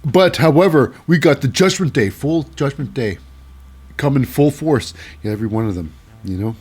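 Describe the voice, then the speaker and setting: A man's voice: mid-range voice, animated, moderate pace, a little mellow, husky. A man hosting a casual wrestling show recap, rambling with lots of fillers and hyping things up with "baby".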